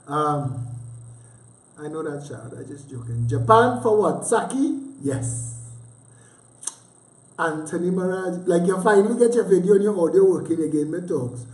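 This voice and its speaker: In a high, slightly mellow voice with lively intonation and no rush, a Trinidadian man hosts a livestream. His casual, rambling commentary is thick with dialect and full of teasing, sarcastic asides, and the room echoes noticeably.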